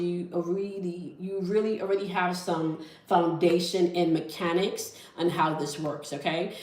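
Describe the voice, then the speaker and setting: Low-voiced woman reading tarot, echoey room. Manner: frequent check-ins like "all right?" and "okay?". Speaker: tarot reader and channel host. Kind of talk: spiritual tarot reading, talking to viewers.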